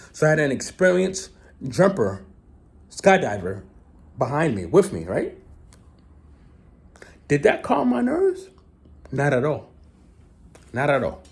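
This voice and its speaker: A man tells a story to his viewers in a casual monologue. His voice swings lively up and down as he dramatizes events. He keeps checking in with the listener by asking "right?". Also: medium pitch, gravelly. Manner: animated, repeats "right?" often, dramatic retelling. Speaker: vlogger.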